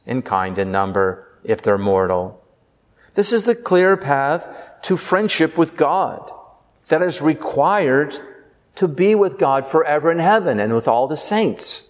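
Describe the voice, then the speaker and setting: A priest preaching a sermon with earnest delivery, slowing down for emphasis. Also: male voice, medium pitch, in a large hall.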